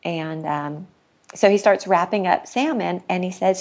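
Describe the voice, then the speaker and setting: A woman's voice: fairly low pitch, a little slow, darkish tone, lo-fi sound. A middle-aged woman, a podcast guest, telling a personal story in a candid, earnest way and laughing now and then. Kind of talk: personal storytelling in casual chat.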